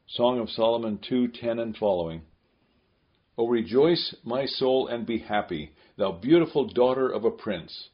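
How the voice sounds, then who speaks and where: A man's voice: medium pitch, measured pace. Solemn man reading a devotional prayer. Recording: dull lo-fi recording.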